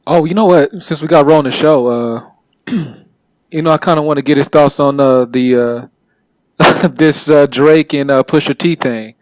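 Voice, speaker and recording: Man, co-host, hesitant, fillers, fairly high, dry close sound. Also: no echo. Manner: halting, many fillers. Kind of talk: casual podcast chat.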